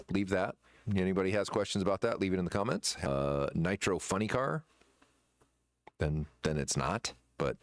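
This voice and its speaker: A man who runs a shop, chatting casually in a rambling, halting way with many fillers and restarts. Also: lowish voice, no room sound. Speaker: shop owner presenting merchandise. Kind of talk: casual chat.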